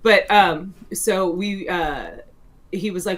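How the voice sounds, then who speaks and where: A woman's voice: fairly low pitch, takes it slowly, fairly bright tone. A woman in her forties, a guest author in a casual interview, telling stories in a rambling way with many fillers and restarts and frequent laughs.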